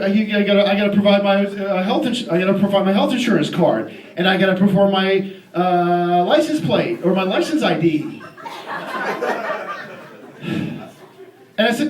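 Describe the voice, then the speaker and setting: A man doing character stand-up in a live club, ranting in an indignant, fairly high voice and restarting his sentences as he goes. He is picked up from a distance, so the room echoes around him and loud crowd laughter fills the gaps. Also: moderate pace, pauses often, background noise. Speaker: stand-up comedian. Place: live comedy venue.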